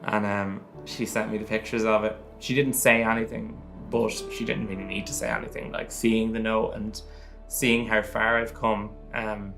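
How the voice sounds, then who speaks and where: A man's voice: fairly low pitch, little pitch movement, normal speed, vocal fry, over music. An Irish man giving a reflective, earnest personal testimony in an interview.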